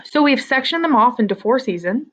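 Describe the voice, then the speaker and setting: A woman teaching a vocabulary lesson to students, with slow repeat-after-me drilling. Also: sits high, lively intonation, dull audio, a little hiss or hum. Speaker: French teacher.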